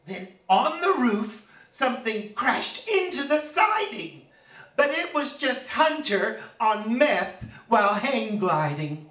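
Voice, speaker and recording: A man's voice: very high-pitched, very animated, slow pace, pushed and bright. A man in drag persona reciting a mocking comic poem in rhyming verse, recorded from a distance in an echoey room. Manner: campy, mocking storyteller delivery. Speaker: drag performer.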